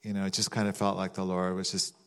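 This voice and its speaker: A man with a fairly low voice preaches in a loose, chatty way. He rambles a little and now and then drops into playful mock voices with laughter. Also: completely flat delivery, fast, clear, resonant tone. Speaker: pastor. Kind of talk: sermon with prayer.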